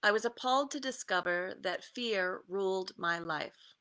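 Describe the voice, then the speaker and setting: A woman coach giving a casual guided meditation talk, easygoing, with many pauses and fillers and some reading aloud. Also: medium pitch, bright, forceful tone. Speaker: creative success coach.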